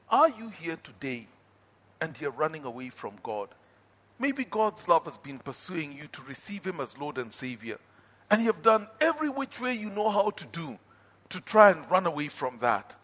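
A man preaching a sermon and telling his own testimony, swinging from loud outbursts to hushed pleading. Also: on the high side, sing-song, moderate pace, long reverb tail.

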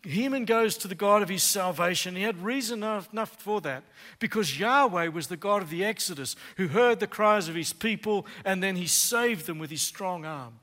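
A man preaching a sermon, earnest, with dramatic pauses that swing from loud to hushed. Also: high voice. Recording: long hall reverb.

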